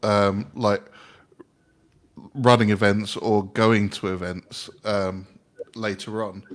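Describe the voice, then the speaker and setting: Low-voiced man, hesitant and filler-heavy. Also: flat delivery, takes it slowly. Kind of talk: live online talk.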